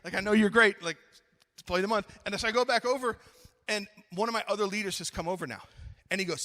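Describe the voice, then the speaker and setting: A middle-aged man preaching at a youth conference, telling a funny story with lively acted-out dialogue, then slowing into earnest appeals. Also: sits high, in a large hall. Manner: animated, acts out his own story, then slows to earnest appeals. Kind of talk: storytelling sermon.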